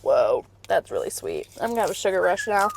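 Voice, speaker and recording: A woman's voice: on the low side, huge pitch swings, brisk, slight background noise. A young woman with a Midwestern American accent, co-hosting a casual chat in a car, bubbly and full of filler words.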